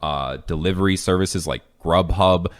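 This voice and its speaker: A man's voice: sits low, normal speed. A young man from the Chicago area, co-hosting a casual chat show and ranting with restarts. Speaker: podcast co-host.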